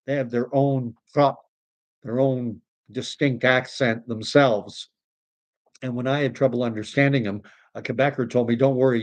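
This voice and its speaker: A man's voice: mid-range voice, darkish tone, no echo. A man from Canada hosting a casual livestream, reading viewer comments and rambling with frequent restarts. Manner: rambling, self-correcting, reads comments aloud. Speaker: livestream host.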